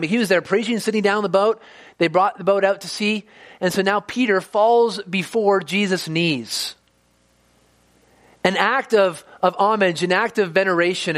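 High-voiced man preaching conversationally. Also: a bit bright. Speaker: pastor. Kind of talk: sermon.

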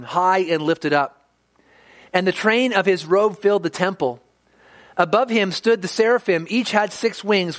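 A man's voice: sits high, fairly bright tone. A man preaching a sermon in a conversational way, sometimes acting out the voices of the people he quotes. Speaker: pastor.

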